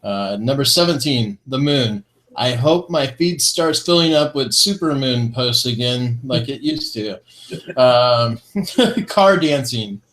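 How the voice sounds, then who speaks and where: A man's voice: mid-range voice, lively intonation, takes it slowly, fairly bright tone. Upbeat man chuckling through a list. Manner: upbeat, chuckling between items, fond of corny jokes. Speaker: co-host of a vaping talk show. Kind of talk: casual chat, reading a list aloud.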